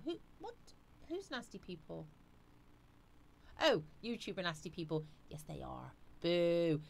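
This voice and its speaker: A woman's voice: mid-range voice, fairly bright tone, a little hiss or hum. A woman hosting a live stream, chatting casually and reading viewer comments aloud.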